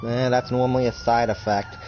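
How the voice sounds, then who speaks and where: A young man narrating an improvised roleplay in a rambling, casual way, swearing freely and jumping into quick voices. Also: medium pitch, little pitch movement, lo-fi sound, a little hiss or hum.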